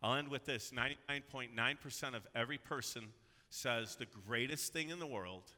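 A man preaching a sermon with a very bright, forceful tone. He is earnest and builds to loud, emphatic cries. His voice rings with long reverb in a church sanctuary. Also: medium pitch, normal speed. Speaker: pastor.

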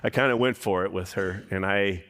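Brief: male pastor, lively sermon delivery with acted-out quotes, echoing church sanctuary. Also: sits low, a little fast. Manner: animated, acts out quotes in character voices.

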